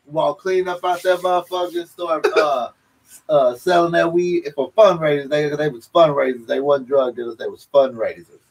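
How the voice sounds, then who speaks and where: Husky dude cohosting, kinda higher voice, loose slangy talk with lots of cussing. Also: male voice, normal speed, low-quality recording. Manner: laid-back, slangy, profane. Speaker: co-host. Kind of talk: casual chat.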